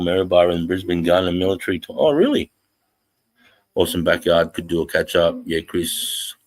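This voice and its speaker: An Australian man in his forties with a very deep, vocal-fried voice hosts a casual livestream, swearing freely as he reads the chat and greets viewers as "brother" in a blunt, friendly way. The sound is close, dry, and roughly recorded, with no room around it.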